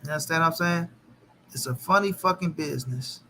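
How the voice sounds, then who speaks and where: Bright-voiced man chatting on a live stream. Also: on the high side, a little fast, a little hiss or hum. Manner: loose, profane, talks back to chat. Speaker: boxing channel host. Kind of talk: casual live-stream chat.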